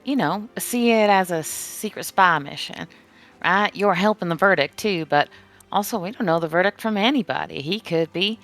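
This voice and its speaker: A woman at a tabletop game talks another character into staying, in an earnest, coaxing way. Her voice sits a little low. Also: moderate pace, a bit bright. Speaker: player.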